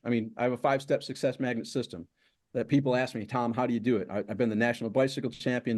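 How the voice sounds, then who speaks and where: A man's voice: medium pitch, mellow. A middle-aged man being interviewed as a success coach, talking in emphatic, repeated lists of steps. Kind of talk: interview conversation.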